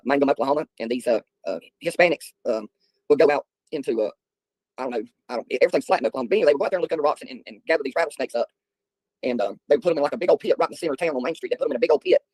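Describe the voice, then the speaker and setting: Man, middle-aged, streamer host; talks very fast, husky and raspy, casual yarn-spinning. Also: medium pitch, a little mellow, no room sound, rough recording. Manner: rambling, folksy storytelling with filler ums. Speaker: livestream host. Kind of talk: casual chat answering viewers.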